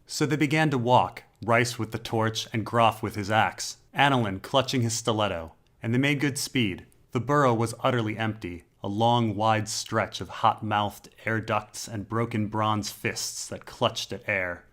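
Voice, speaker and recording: A man narrating a dark fantasy story in a slow, measured, dramatic way. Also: on the low side. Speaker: audiobook narrator.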